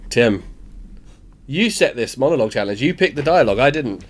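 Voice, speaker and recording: Man, podcast co-host, animated and jokey, very expressive pitch. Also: a little fast. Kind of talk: casual chat.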